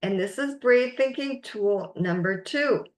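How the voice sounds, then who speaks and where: Woman coach, mid pitch, slow and deliberate, encouraging masterclass delivery. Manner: slow, encouraging, emphatic teaching with quotes. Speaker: life coach.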